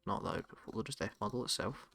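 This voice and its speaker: A man with a Scottish accent, hosting a casual tutorial in a relaxed, chatty way with some self-corrections. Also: lowish voice, fast talker, creaky, breathy edge. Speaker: tutorial host. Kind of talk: casual screen-recorded tutorial.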